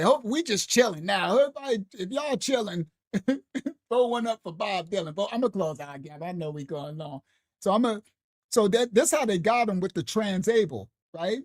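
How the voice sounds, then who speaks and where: Animated, chatty woman teaching on a live stream. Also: mid-range voice, normal speed, dry recording, clean studio sound. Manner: animated, repetitive, laughs often, talks straight to viewers. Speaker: ministry teacher. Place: at home on a late-night live stream.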